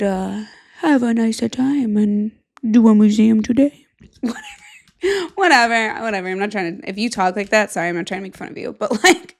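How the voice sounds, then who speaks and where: A young woman hosting a podcast, chatting casually in a rambling, filler-heavy way with offhand swearing. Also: on the high side. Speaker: podcast host. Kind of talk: casual solo chat.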